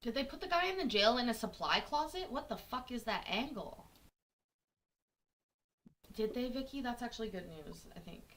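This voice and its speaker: Bubbly, bright-voiced chatty woman. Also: a little high, animated, moderate pace, long pauses. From Scotland. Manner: chatty, self-mocking, giggly. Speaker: host reacting to court videos. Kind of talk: casual chat.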